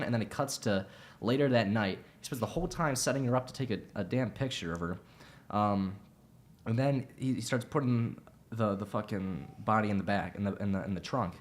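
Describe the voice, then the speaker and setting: Rambling, swearing podcast host man. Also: lowish voice. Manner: rambling, swears a lot, restarts. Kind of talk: casual chat retelling a film.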